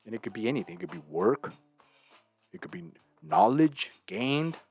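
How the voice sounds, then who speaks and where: A man's voice: mid-range voice, very animated, normal speed, a little mellow, husky, soft background music. A man hosting a casual monologue, preaching his views and asking "right?" again and again, sometimes acting out other people. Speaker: host.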